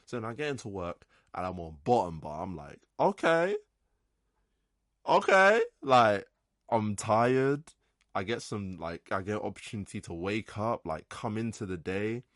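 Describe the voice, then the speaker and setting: Young man, lowish voice, dry close sound, casual sweary podcast storyteller. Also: no room sound. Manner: animated ranting, frequent swearing and "like". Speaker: podcast host.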